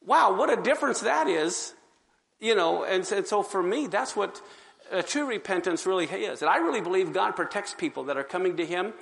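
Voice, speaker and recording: A man giving his testimony to an audience as an animated storyteller who acts out the scenes. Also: high-pitched, moderate pace, gravelly, big-room sound. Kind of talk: sermon-style testimony.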